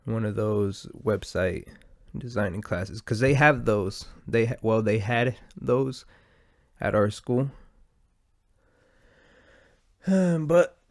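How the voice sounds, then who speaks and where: Man, gravelly, stuffy nose, short of breath, swearing, meandering casual podcast talk. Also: lowish voice, takes it slowly, dry recording, clean studio sound. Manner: profane, meandering, laid-back. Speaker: podcast host. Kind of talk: casual rambling monologue.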